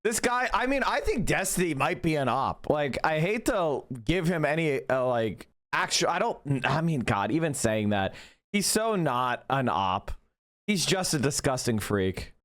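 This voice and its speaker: Male streamer, casual profane rant at chat, voice a touch high. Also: sing-song, measured pace, a bit bright. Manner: profane, ranting, heated. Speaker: livestreamer.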